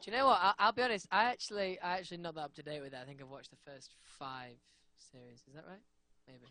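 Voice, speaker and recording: High, quick man, rambling. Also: pushed and bright. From United Kingdom. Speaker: band member guest. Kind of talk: casual interview chat.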